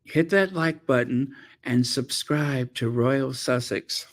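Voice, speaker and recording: A man's voice: medium pitch, slow pace. A man hosting a commentary channel, talking in a sarcastic, mocking way. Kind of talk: casual commentary.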